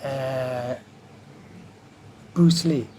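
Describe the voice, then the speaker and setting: A man telling a lively anecdote from his film career in an interview, acting out the quoted voices as he goes. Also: medium pitch, drawn-out words, a little hiss or hum. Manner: animated anecdote teller who acts out quotes. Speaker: martial artist and film stunt performer. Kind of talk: storytelling in an interview.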